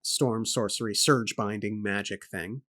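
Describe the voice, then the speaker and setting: A man's voice: on the low side, steady tone, measured pace, fairly bright tone, a little hiss or hum. A man co-hosting a book club podcast, thinking aloud and laying out his points and questions one by one. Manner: thoughtful, lists points and questions. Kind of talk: casual book discussion.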